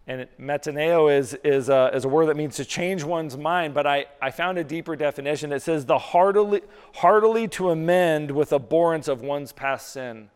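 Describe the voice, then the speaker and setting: A man's voice: a little high, moderate pace, hardly any pauses, smooth. A man preaching a sermon as pastor, earnest, often repeating words as he builds a point. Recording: long hall reverb.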